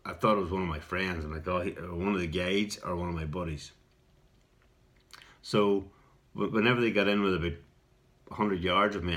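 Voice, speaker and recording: A middle-aged Irish man telling a rambling personal story in a casual vlog, repeating words and clearing his throat now and then. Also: deep voice, a bit bright. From Ireland. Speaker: video response storyteller.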